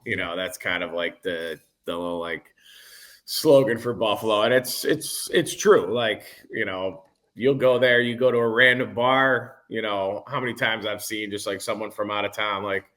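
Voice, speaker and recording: A man's voice: on the low side, moderate pace, fairly bright tone. A man talking as a guest on a beer podcast, rambling with lots of fillers and acting out little quoted voices. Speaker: brewery guest. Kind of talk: casual podcast chat.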